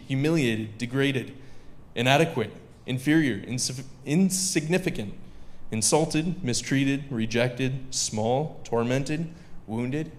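Male preacher, mid-pitched, casual stage talk, banters with the room. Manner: conversational, joking asides with the audience. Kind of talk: sermon. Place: live venue with audience.

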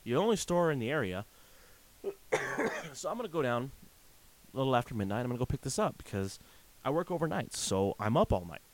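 A man's voice: medium pitch, very animated, fairly quick, pauses often. A man in his thirties in a casual ranting monologue, telling exasperated stories and acting out quotes. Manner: exasperated, storytelling with acted quotes. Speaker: vlogger.

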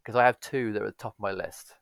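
Gravelly, low-voiced man chatting. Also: rapid-fire, dry recording. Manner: rambling, self-correcting, laid-back. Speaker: podcast co-host. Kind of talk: casual chat.

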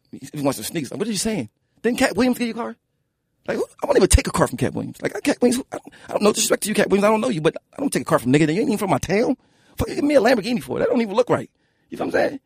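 Philly rapper dude, husky voice, high and all over the place, cussing and storytelling. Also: male voice, no room sound, clean studio sound. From Philadelphia. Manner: animated, profane, keeps asking "you know what I'm saying". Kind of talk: casual interview storytelling.

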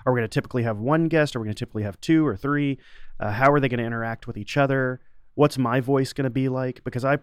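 A man's voice: medium pitch, no echo, studio quality. A middle-aged man talking casually as an interview guest, rambling with many restarts and fillers. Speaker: podcast host and sound designer, interview guest.

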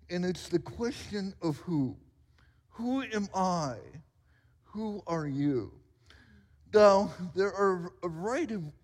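A man's voice: sits high, a little mellow. A man in his forties preaching a sermon as pastor, in a playful, self-mocking storytelling manner. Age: 40s. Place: church sanctuary. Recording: reverberant church hall.

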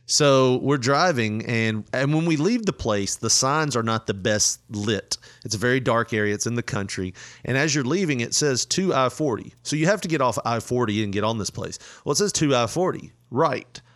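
A man's voice: mid-range voice, expressive, normal speed, few pauses, fairly bright tone. Laughing man telling a story. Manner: laughing often, retelling with quoted voices. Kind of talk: casual storytelling chat.

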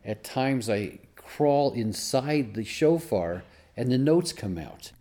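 A man interviewed about playing the shofar, talking earnestly and haltingly with repeated words. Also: mid-range voice, lively intonation, dark tone. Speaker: trumpeter and shofar blower.

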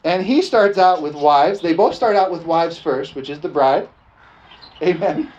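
A male preacher delivering a sermon in church, animated, often chuckling and calling out "amen?" to the congregation. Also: high voice, measured pace, highs cut off. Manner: animated, chuckling, frequent call-and-response "amen?". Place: church service, also streamed online.

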